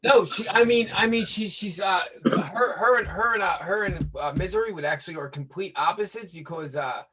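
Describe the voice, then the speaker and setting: A man in casual chat, talking haltingly with many restarts and fillers. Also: high-pitched, pushed and bright, recorded from a distance, rough recording.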